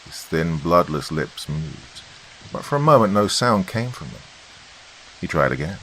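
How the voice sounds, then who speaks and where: Deep-voiced man narrating a horror podcast. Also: a little hiss or hum, low-quality recording. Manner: expressive, measured storytelling. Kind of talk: dramatic storytelling narration.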